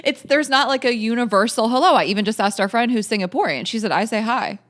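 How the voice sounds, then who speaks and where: A woman co-hosting a podcast in a casual chat, an animated storyteller who laughs often. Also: fairly high pitch, fast. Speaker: podcast co-host.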